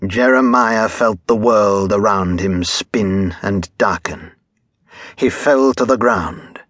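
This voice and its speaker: Slow, husky male audiobook narrator. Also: lowish voice, a bit bright, no room sound. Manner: measured, dramatic storytelling. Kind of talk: scripted horror narration.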